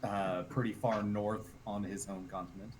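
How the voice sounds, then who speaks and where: Man, game master, relaxed narration, lower voice, clear background hiss. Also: moderate pace.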